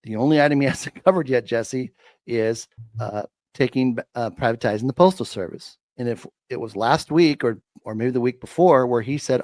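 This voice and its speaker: A man's voice: medium pitch, normal speed, a little mellow, no room sound, clean studio sound. A man giving a faith-filled talk as a guest, emphatic and preacher-like, repeating his points.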